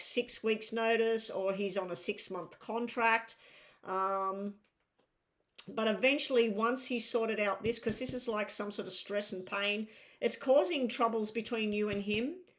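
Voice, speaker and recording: A woman's voice: a little high, a bit bright. A woman giving a live tarot reading, chatty and reassuring, thinking aloud as she turns the cards. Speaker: tarot reader.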